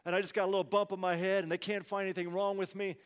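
Man preaching, high voice, swings from hushed to shouting, long church-hall reverb. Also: flat delivery, racing, smooth. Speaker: pastor. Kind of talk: sermon.

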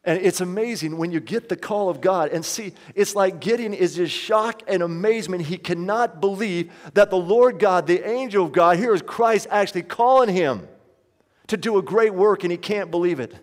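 A man's voice: sits high, normal speed, long reverb tail. A man preaching a sermon as pastor, pleading and impassioned, acting out the voices of the people in his story.

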